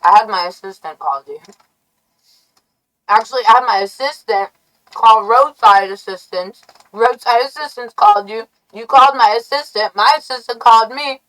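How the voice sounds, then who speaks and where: A woman's voice: a little high, normal speed, fairly bright tone, rough recording. A woman live streamer rambling in a brash, taunting, profane way. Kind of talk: rambling livestream rant.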